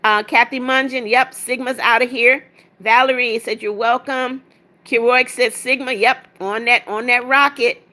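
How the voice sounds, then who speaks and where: A woman's voice: on the high side, steady tone, unhurried, pushed and bright. A woman hosting a casual livestream, reading viewer comments aloud and answering them in a blunt, sassy way. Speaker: livestream host reading chat.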